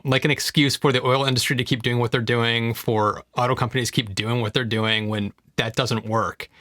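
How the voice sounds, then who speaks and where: A man's voice: mid-range voice, sharp tone, no echo, clean studio sound. A man co-hosting a tech podcast, speaking emphatically and with strong opinions. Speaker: podcast co-host. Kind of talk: casual tech chat.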